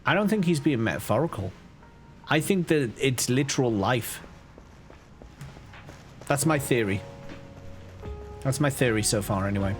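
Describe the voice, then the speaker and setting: A man with a faded Liverpool accent streams a game in casual, mid-pitched commentary. He thinks aloud and often restarts his sentences. Faint game music plays underneath. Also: expressive, unhurried, long pauses. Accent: softened Liverpool. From Liverpool, England.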